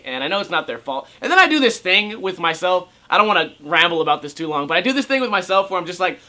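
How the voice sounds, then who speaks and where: Young skater dude venting on his vlog, swears a ton, slightly high bright voice. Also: fast talker, few pauses. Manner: animated, sarcastic, swears a lot, mocks voices. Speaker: skateboarding vlogger. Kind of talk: casual ranting vlog. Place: at home.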